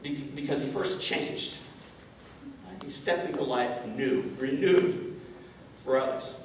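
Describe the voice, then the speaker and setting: This motivational speaker talks slowly in a fairly high voice, sharing a personal story during an inspirational keynote and speaking directly to a live crowd. It's recorded from a distance in a large, echoey event hall, with a faint hiss or hum.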